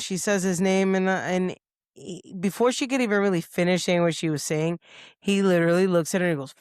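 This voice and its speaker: Lively woman telling a story in a podcast studio. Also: on the low side, fairly quick, smooth, dry recording. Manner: lively storyteller who acts out quoted lines. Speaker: podcast co-host. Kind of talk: casual storytelling chat.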